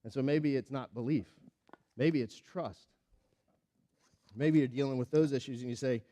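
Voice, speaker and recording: A man preaching a sermon, telling a Bible story with lively acted-out voices and then dropping to a quiet, earnest tone. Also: mid-range voice, moderate pace, long pauses. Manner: animated storytelling, acting out the characters with big swings in loudness; drops to a quiet, earnest tone when applying the lesson. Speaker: pastor.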